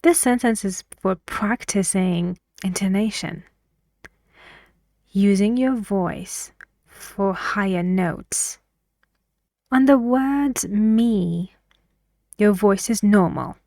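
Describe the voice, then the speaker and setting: A woman gives a slow, deliberate pronunciation lesson, her voice rising and falling to show each pattern. The sound is dry and close, with no room around it. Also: mellow, dry recording. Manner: slow, careful, modelling intonation with exaggerated pitch. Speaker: English teacher.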